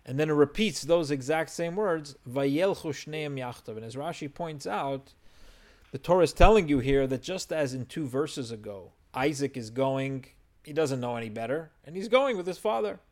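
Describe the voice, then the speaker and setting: A man's voice: fairly high pitch, lively intonation, moderate pace, darkish tone. A man teaching a verse-by-verse Torah text study, explaining and translating Hebrew phrases as he goes.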